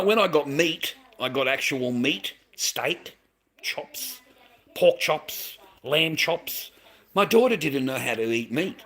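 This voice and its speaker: Heated Australian man, bright forceful voice. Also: fairly high pitch. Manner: heated, swearing, rants, calls the listener "mate". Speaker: vlogger, father. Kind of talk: ranting monologue to camera.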